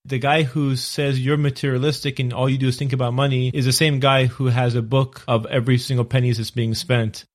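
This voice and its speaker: A man's voice: medium pitch, level tone, fairly quick, hardly any pauses. A man interviewing a guest, reacting with hesitant, searching remarks and questions.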